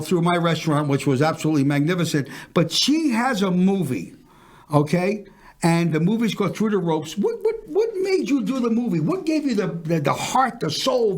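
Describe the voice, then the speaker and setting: A middle-aged man hosting a talk show, chatting in a boastful, playful showman way. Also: high voice. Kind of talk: casual talk show chat.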